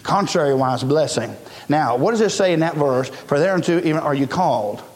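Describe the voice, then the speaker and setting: Male preacher, high pitch, chatty sermon that swells into shouts, recorded in an echoing hall. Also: lively intonation, a little fast. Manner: conversational preaching with many fillers, rising to shouts.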